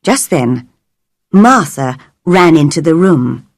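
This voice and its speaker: A woman narrating a storybook for English learners in a slow, clear and expressive reading. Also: deep voice, no room sound.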